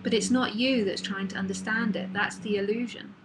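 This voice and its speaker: A woman's voice: mid-range voice, steady tone, a little fast, background noise. A woman giving a live spiritual talk in a casual, chatty manner that circles back and repeats itself. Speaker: spiritual teacher.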